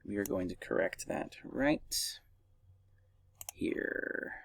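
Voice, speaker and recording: A man's voice: low voice, expressive, very slow, vocal fry, breathy edge, dry recording, clean studio sound, far from the mic. A man teaching a recorded Spanish grammar lesson, patiently drilling verb conjugations for his students to repeat.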